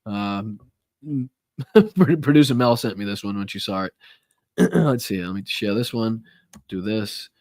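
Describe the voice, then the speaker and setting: Chatty podcast host. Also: male voice, fairly low pitch, expressive, measured pace, long pauses, darkish tone. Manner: loose and chatty, swears, thanks viewers. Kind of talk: casual live-stream chat. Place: home, live stream.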